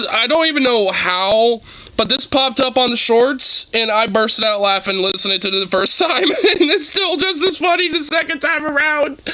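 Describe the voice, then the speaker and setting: A man casually commenting on a video, laughing often, swearing and gushing with excitement. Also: high voice. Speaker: reaction video host.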